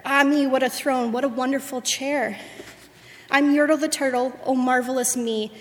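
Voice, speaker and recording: A woman's voice: high voice, fairly even intonation, moderate pace, in a large hall, lightly acted. A woman voicing a boastful, bossy male turtle king who bellows his orders. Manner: pompous, bellowing.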